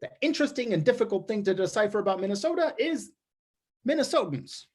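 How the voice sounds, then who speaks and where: A man's voice: sits high, animated, fast talker, darkish tone. A man giving a wry, observational comic storytelling monologue, often restarting his sentences. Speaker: storyteller performer. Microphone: streamed performance mic.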